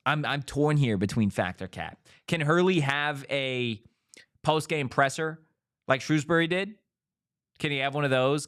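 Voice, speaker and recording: A man's voice: medium pitch, normal speed. Man hosting a sports talk show. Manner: animated, rhetorical questioning.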